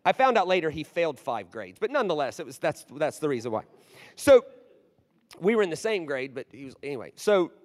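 A man's voice: on the high side, a little fast. Man in his forties preaching in a big hall. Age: 40s. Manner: animated storyteller, swings from hushed to shouting. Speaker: guest preacher. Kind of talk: storytelling sermon. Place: large church hall. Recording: long hall reverb.

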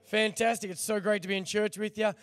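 Young Australian male guest preacher, hoarse but energetic, fairly high clear voice. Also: fast, no room sound. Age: young adult. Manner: energetic, jokey, calls out to the crowd. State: hoarse, voice nearly lost. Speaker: guest pastor. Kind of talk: church sermon.

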